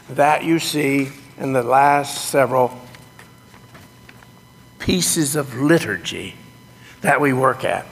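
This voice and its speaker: A man, a pastor teaching his congregation about worship in a sermon, animated with folksy exclamations, in a church sanctuary. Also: mid-range voice, slow pace, long pauses. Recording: echoey sanctuary reverb.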